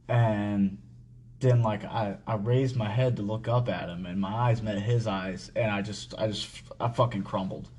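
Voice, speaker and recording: A man hosting a podcast, telling a personal story in casual talk, halting and full of swearing and fillers. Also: on the low side, a little mellow, slight background noise. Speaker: podcast host.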